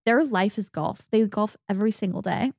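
A young woman co-hosting a casual chat podcast, telling stories with lively mimicry of the people involved. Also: brisk, creaky, no echo, clean studio sound. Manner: animated storyteller, mimics people in high voices. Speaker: podcast co-host.

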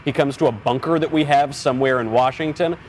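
A man's voice: medium pitch, fast talker, slight background noise. A man joining a podcast from a distance, speaking with mock-grandiose, dry humor. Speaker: podcast co-host joining remotely. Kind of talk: casual podcast banter.

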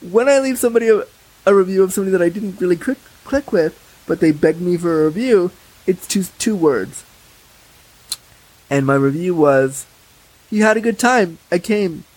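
Husky, blunt man telling candid stories. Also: high voice, normal speed, low-quality recording. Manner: candid, blunt, animated storytelling. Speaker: podcast guest. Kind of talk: casual podcast chat.

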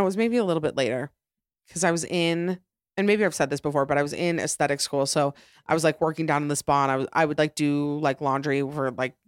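A woman's voice: low-pitched, dry recording, clean studio sound. A young adult woman hosting her own podcast, talking in a chatty, rambling way with lots of "like" and restarts. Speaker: podcast host. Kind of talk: casual solo podcast chat.

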